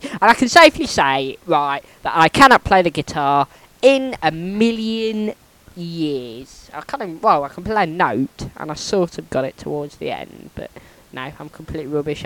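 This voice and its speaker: Loud lad bantering on a podcast, bright voice that jumps around a lot, lots of ums. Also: male voice, a little high, rough recording. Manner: loud, prone to shouting; mumbling with many ums when serious. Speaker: podcast co-host. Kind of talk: casual banter.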